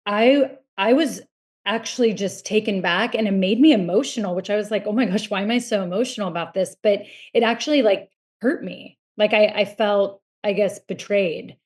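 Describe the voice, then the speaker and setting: A woman's voice: medium pitch, normal speed, darkish tone. Chatty woman guest telling a story. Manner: chatty, filler-heavy storytelling. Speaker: podcast guest. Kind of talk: casual chat.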